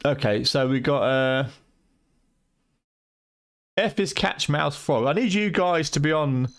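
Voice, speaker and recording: Gravelly Fenland man rambling on a stream. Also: fairly high pitch, expressive, slow. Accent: Fenland English. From Fenland, England. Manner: rambling, swearing, loose and tipsy. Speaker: retro game streamer. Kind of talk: late-night live stream chat.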